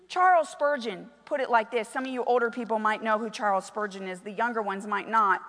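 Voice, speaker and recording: A middle-aged woman pastor delivers a sermon in a church sanctuary, her voice sitting a little high. She shifts between quiet, personal storytelling and loud, emphatic calls to the congregation. The long reverb of the large hall rings after her words. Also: fast talker, hardly any pauses.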